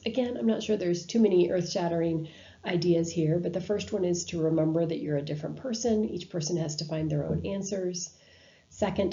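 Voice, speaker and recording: This university instructor is a woman with a lowish, mellow voice delivering a recorded lecture alongside slides. The audio is dull, and her delivery is casual, dotted with ums and false starts.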